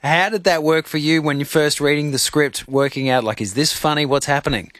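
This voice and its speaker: A man hosting a radio show, upbeat and quick to laugh as he introduces a guest. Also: fairly high pitch, a bit bright, dry recording. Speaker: radio host. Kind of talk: breakfast radio banter. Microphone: studio microphone.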